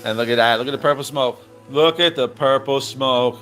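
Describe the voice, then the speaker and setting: A man giving excited, slangy commentary over cartoon clips, repeating himself and calling out to viewers. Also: mid-range voice, moderate pace, faint music behind. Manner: hyped, slangy, repeats phrases, calls out "baby" and "fam". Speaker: crypto commentator.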